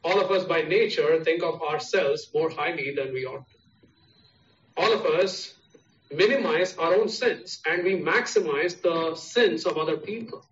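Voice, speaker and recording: Indian English preacher in an echoey room. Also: male voice, fairly high pitch, unhurried, fairly bright tone, a little hiss or hum. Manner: repetitive, emphatic preaching with listed parallel phrases. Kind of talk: sermon. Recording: echoey, distant, dull sound.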